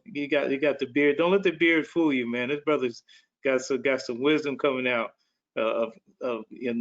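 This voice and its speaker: A man hosting a business webinar over a video call, talking in an energetic, folksy way with plenty of slang. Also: mid-range voice. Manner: folksy and animated, calls listeners "man" and "baby". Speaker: webinar host. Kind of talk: energetic motivational talk. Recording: dull lo-fi call audio.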